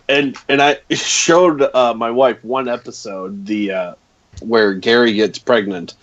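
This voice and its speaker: A man's voice: mid-range voice, slow, fairly bright tone. A man who is a returning podcast guest in casual chat, laid-back and laughing through his stories, on a dull lo-fi call line.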